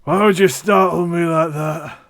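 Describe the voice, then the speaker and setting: A man's voice: a little high, fairly even intonation, unhurried, dry recording, studio quality, voice pushed up. A man voicing a grumpy giant male smith who talks bluntly. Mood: startled.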